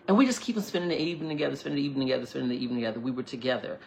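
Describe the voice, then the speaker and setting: A man's voice: medium pitch, rapid-fire, vocal fry, slight background noise. Chatty man telling a story on a livestream. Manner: chatty and animated, full of "like" and "you know"; slips into quoted dialogue and asides to viewers. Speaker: livestream host. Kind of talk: casual storytelling to a live audience.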